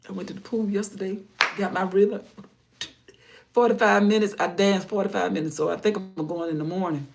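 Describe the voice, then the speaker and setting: An older woman with a gravelly, mid-pitched voice chats on her live stream in a loose, rambling way. She drifts between lively bursts and soft, near-whispered murmurs as she talks about her faith. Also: a little fast. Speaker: livestream host. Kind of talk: casual rambling livestream talk about faith.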